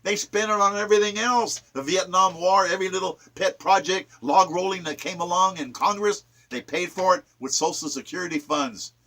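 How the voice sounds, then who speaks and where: Fiery, sharp-voiced ranting man. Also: high-pitched, normal speed, few pauses. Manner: ranting, preachy, emphatic. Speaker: poet reciting and explaining his sonnets. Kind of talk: impassioned political commentary.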